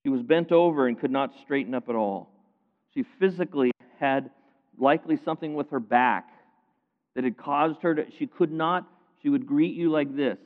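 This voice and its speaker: A pastor delivers a sermon, retelling a scripture story with lively emphasis that shifts between loud, pointed lines and quiet asides. His voice is medium-pitched and moves at a normal speed. The audio sounds phone-like, with a long hall reverb.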